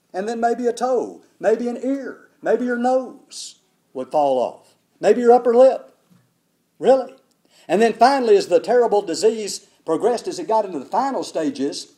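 A man preaches with a mellow, dark voice that sits a little high for a man. His delivery swings widely in pitch, rising for emphasis and dropping low at the ends of phrases. He leans on repeated words to drive his points home. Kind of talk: sermon.

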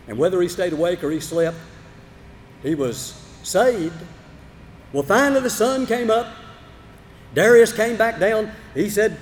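A man preaching a sermon, telling a Bible story dramatically, moving from loud emphatic bursts to low, quiet asides. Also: lively intonation, unhurried, pauses often. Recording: long hall reverb, faint background noise.

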